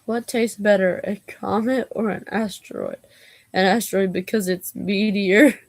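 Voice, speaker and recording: A woman reads knock-knock jokes for her channel, playing both the asker and the answerer herself. She talks at an unhurried pace with a gravelly, fry-tinged edge. The sound is dry and close, with no room around it. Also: medium pitch, fairly even intonation, dry recording. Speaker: vlogger. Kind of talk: reading jokes aloud, casual chat.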